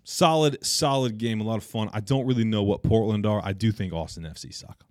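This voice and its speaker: A man's voice: on the low side, fairly quick, no room sound, studio quality. A young man co-hosting a casual sports podcast, blunt and opinionated, trash-talking teams. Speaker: podcast co-host.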